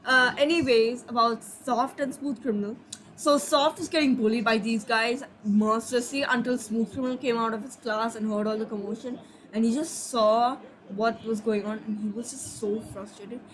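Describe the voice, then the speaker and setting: A woman's voice: a little high, steady tone, moderate pace, rough recording. Sleepy, rambling young woman storyteller. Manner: rambling, apologetic, trailing off. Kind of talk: casual fanfic storytelling.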